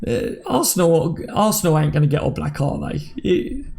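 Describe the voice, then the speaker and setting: A man in his thirties with a slightly high, gravelly voice, hosting a casual live stream. He chats with viewers like mates, calling them by name as he reads their comments. His talk is loose and friendly. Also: very animated, moderate pace, a little mellow. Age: 30s. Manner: chatty, banters with viewers by name. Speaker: livestream host.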